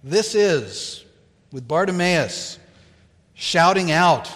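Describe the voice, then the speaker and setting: A man preaching in a fairly high voice, drawing out a Bible story slowly and with long pauses. His words ring out with the long reverb of a large hall. He leans on key phrases for weight. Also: animated, fairly bright tone. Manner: slow, deliberate storytelling delivery with dramatic pauses. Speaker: pastor. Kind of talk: sermon.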